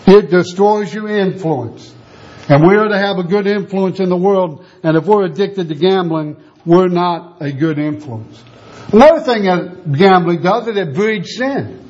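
Preaching at normal speed, a man whose voice sits high but carries a darkish tone narrates a story and voices the people in it. The audio is dull and lo-fi.

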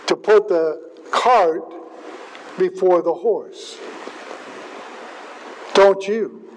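A man's voice: sits high, darkish tone, low-quality recording. A man preaching a sermon in an earnest way, stressing and repeating key words, with faint hiss behind.

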